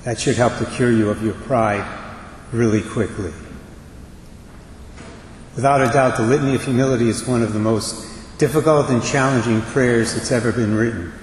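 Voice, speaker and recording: Earnest priest preaching in an echoing church. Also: male voice, medium pitch, slight background noise. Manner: measured, earnest preaching with slow emphatic phrases. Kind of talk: homily. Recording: echoey church with long reverb.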